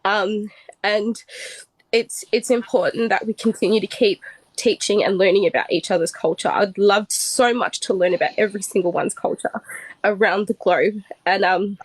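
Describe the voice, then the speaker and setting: A woman speaking in an earnest, heartfelt, halting way on a phone livestream. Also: mid-range voice, breathy edge, no echo, poor audio. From Australia. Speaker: livestream guest. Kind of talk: emotional livestream talk.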